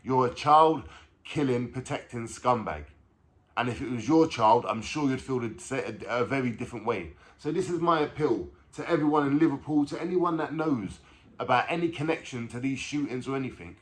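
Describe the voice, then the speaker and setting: A man speaks straight to his viewers in a reaction video. He sounds blunt and impassioned and swears freely. His pitch sits in an ordinary middle range. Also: lively intonation, fairly quick, a bit bright. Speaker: vlogger.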